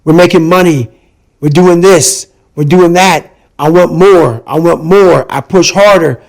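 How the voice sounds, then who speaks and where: Middle-aged male guest, gravelly voice sitting high, driving and emphatic delivery. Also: a little slow. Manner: forceful, repetitive, emphatic. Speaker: podcast guest. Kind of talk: intense motivational talk.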